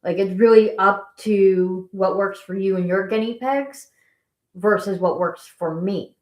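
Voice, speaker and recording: A woman's voice: mid-range voice, unhurried, darkish tone. A woman hosting a casual live stream, chatting and rambling as she answers viewer questions. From Canada. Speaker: guinea pig channel host. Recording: echoey room.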